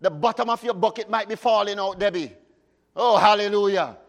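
A man preaching a sermon, chanting hymn lines and swinging between shouts and hushed words. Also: sits high, brisk. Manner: fervent, rises to sudden shouts and drops to hushes.

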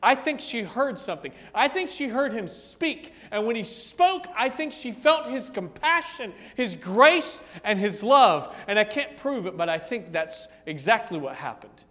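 A man preaching a sermon, telling a story dramatically, dropping to a hush and rising to a booming voice, with repeated rhetorical questions. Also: sing-song, moderate pace, few pauses. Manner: dramatic, swinging from hushed to booming. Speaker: pastor. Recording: long hall reverb.

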